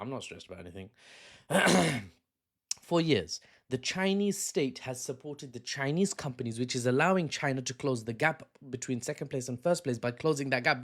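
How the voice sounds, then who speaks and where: A man's voice: fairly high pitch, a bit bright. A man giving a casual, rambling news commentary, cracking jokes and laughing at his own asides.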